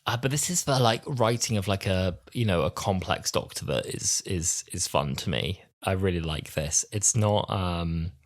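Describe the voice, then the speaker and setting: Young man, twenties, deep low voice, podcast co-host, rambling casual chat with fillers. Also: moderate pace, few pauses. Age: 20s. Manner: rambling, many fillers and acted-out quotes.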